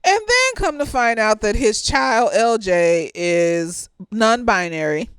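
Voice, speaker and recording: A woman therapist chats through a movie review while slightly tipsy. She is animated and cheerfully profane, and laughs often. Her voice is smooth and a touch high, recorded dry and close. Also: takes it slowly, no echo. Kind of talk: casual chatty review.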